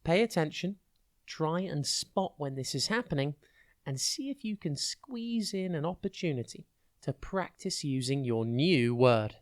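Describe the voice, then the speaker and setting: Upbeat vocabulary tutor with a lively voice. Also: medium pitch, a little slow. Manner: upbeat, clearly spells out and defines words. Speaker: vocabulary tutor and podcast host. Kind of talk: scripted educational podcast.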